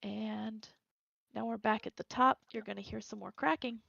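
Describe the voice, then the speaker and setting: A woman's voice: a little high, steady tone, moderate pace, creaky, a bit bright, dry recording. A woman running a tabletop game as game master, narrating monster moves and laughing easily. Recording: dull lo-fi recording.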